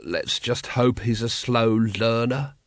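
A man's voice: medium pitch, slow, no echo. A man doing a dry, weary watch captain.

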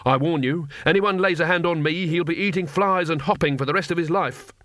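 A nervous, bluffing male wizard whose voice jumps high when he panics, put on by a man reading a storybook. He boasts grandly and then backs down fast. The sound is dry and close. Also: fairly bright tone, dry recording, natural voice. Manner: nervous, bluffing, rising to a yelp. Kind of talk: audiobook character voice.

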